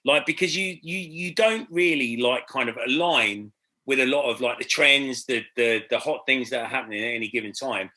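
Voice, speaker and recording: A man in casual podcast chat, reasoning things through in a measured way. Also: mid-range voice, sharp tone. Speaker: podcast co-host.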